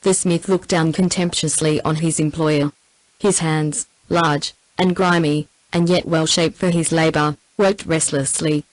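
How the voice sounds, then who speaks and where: Australian female TTS narrator, low and level, dry close sound, steady audiobook read. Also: unhurried, no echo, poor audio. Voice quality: even synthetic text-to-speech delivery. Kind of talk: scripted narration.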